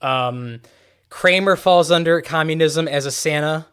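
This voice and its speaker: A man's voice: fairly high pitch, measured pace, fairly bright tone, clear, resonant tone. A young man rambling and hesitating as he chats casually on a podcast. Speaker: podcast co-host. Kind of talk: casual chat.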